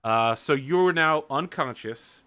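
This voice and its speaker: Bright-voiced man running a tabletop game. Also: on the high side, takes it slowly. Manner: animated, profane, lots of fillers. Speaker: game master.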